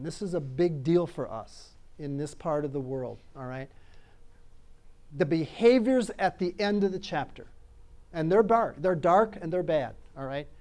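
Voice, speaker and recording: Man, pastor, sermon, emphatic, conversational, repeats phrases, slightly higher voice. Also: darkish tone.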